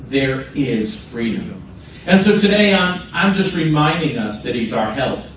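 A man's voice: on the high side, very animated, moderate pace, a little hiss or hum. A man preaching a sermon as pastor, leading the congregation in repeated declarations and prayer, with emphatic, repetitive phrasing. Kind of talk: sermon with call-and-response prayer. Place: church sanctuary. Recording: very echoey room, from a distance, with music. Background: soft guitar music.

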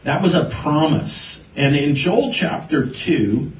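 A man's voice: a little high, slow pace, distant mic, slight background noise. A man preaching a sermon, telling his own story and quoting the people in it. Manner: storytelling, animated quoting of others. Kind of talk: sermon with personal testimony. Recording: roomy echo, voice from afar.

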